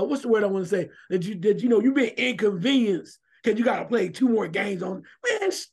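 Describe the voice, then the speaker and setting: High-pitched male radio co-host, loud, emphatic sports opinions. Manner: animated, emphatic, shouts at times.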